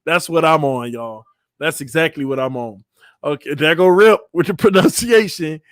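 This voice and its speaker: A man hosts a casual live-stream, chatting back at viewer comments. His voice sits high and he laughs a lot, jokes freely, and trips over names. The sound is dry and close, with almost no room around it. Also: normal speed, dry recording. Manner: animated, laughing, joking, stumbling over names. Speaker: channel host.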